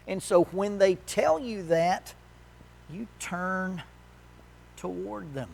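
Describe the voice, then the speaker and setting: A man with a slightly higher-pitched voice leads a church marriage workshop in a relaxed, conversational way. He is folksy and joking, and he drops into quick acted quotes. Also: vocal fry.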